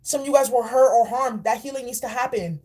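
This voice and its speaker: A woman's voice: on the high side, fairly quick, warm tone. A woman giving a spiritual oracle card reading in a blunt, preachy and profane way. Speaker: spiritual reader.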